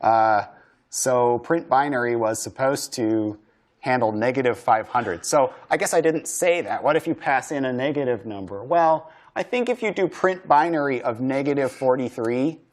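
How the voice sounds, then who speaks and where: A man's voice: mid-range voice, moderate pace. Man, programming lecturer, mid-range voice, thinking aloud, casual, lots of fillers. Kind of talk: live-coding lecture.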